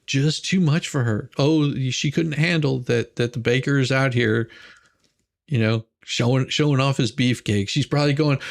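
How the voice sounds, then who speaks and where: A man's voice: medium pitch, normal speed, gravelly. A man hosting a livestream, riffing in a rambling, mocking way, laughing and repeating himself. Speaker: livestream host reacting to court drama. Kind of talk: casual commentary.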